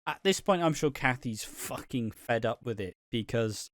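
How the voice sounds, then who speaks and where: A man's voice: mid-range voice, lively intonation, normal speed, dry recording. Young man, podcast co-host, swears a lot, acts out characters' lines, dry close sound. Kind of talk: casual recap chat.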